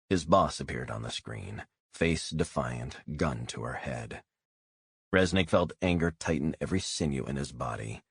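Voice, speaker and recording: A man giving measured, scripted narration of a thriller audiobook. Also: a bass voice, expressive, gravelly, slightly rough, dry recording, studio quality.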